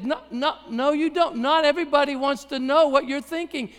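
A middle-aged male pastor preaching in a loose, conversational style, slipping in jokes before pressing his points hard. His voice sits high, and a long hall reverb trails behind every phrase from the live church service. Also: normal speed, few pauses, fairly bright tone. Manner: conversational preaching with humor and rising emphasis. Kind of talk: sermon.

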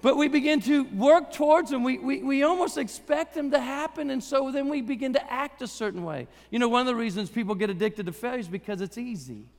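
High-voiced preacher in a reverberant hall. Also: male voice, a little fast, hardly any pauses. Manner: conversational preaching with humor and rising emphasis. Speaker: pastor. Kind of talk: sermon. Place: church service hall. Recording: live sermon with long hall reverb.

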